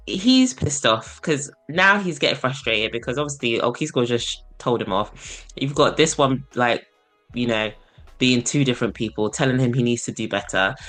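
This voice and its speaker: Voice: medium pitch, fairly bright tone. A podcast host casually retelling a book's plot, acting out the characters' lines along the way. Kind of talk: casual book discussion.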